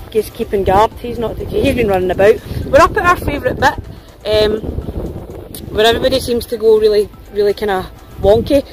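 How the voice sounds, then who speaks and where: Out walking her dogs on a windy open hillside, a woman records a casual vlog on her phone, chatty and self-mocking and laughing often. Her voice sits high, and the recording is rough.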